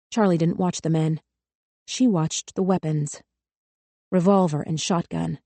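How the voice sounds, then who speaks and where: Low, measured woman narrating. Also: fairly even intonation, dark tone, no echo. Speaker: audiobook narrator. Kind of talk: scripted narration.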